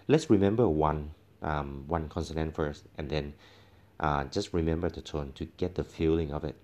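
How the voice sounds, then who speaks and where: A man's voice: rumbling low, a little mellow. A man teaching a language lesson, patiently demonstrating tones by repeating each syllable several times. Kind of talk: tone pronunciation lesson.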